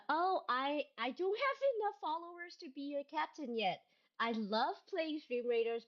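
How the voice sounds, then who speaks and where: A woman streamer chatting casually to her viewers, excitable, often gasping and squealing. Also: mid-range voice. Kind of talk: casual live-stream chat. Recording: dull lo-fi stream mic.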